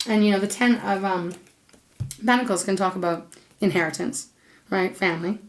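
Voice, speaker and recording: Lady doing a tarot reading, all emotional, calls you my love, says beautiful twice, mid-pitched. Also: steady tone, moderate pace. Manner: gushing, repeats words, frequent fillers. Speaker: tarot reader. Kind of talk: direct-to-viewer tarot reading.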